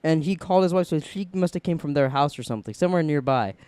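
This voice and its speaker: High-voiced young man telling a story. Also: quick pace, smooth, no room sound. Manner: animated, laughing, swearing freely. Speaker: podcast co-host. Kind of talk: casual chat, storytelling. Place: at home.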